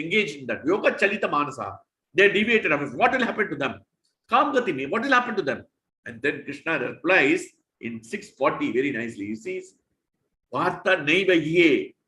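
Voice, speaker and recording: Lively, bright-voiced man teaching scripture. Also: high voice, echoey room. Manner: animated, emphatic teaching with Sanskrit verses. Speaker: devotional speaker. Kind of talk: scripture class.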